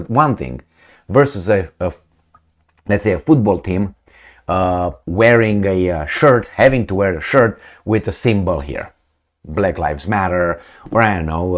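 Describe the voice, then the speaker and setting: A middle-aged man from Romania, giving blunt, rambling opinion commentary on his vlog. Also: deep voice. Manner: blunt, rambling, with many fillers. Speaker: vlogger.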